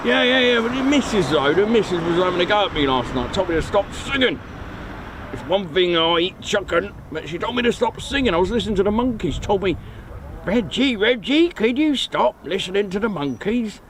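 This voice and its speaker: A man's voice: high voice, expressive, fairly quick, noisy background. A man voicing a chatty middle-aged male base security guard, rambling and joking outdoors. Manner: rambling, jokey, repeats "there now". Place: outdoors at an airfield viewing area.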